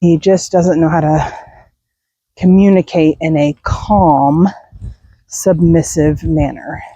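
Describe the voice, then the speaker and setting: Middle-aged woman rambling on a night dog walk, slow easygoing talk, bit husky. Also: low voice, fairly even intonation, warm tone, no room sound, lo-fi sound. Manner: chatty, laughs and sighs often. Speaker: vlogger walking her dog. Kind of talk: casual walk-and-talk chat. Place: outdoors in a neighborhood at night.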